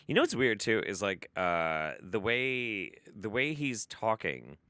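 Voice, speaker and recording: A man's voice: fairly low pitch, sing-song, slow, over music. A man hosting a live stream, reacting to a video with sarcastic, profane, mocking commentary.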